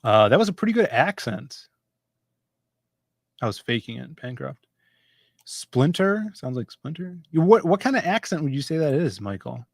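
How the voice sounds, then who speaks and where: A man's voice: on the high side, big pitch swings, moderate pace, pauses often, no room sound, clean studio sound. Chatty man hosting a comics stream. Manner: chatty, jumps between topics. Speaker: host of a comics livestream. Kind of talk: casual livestream chat.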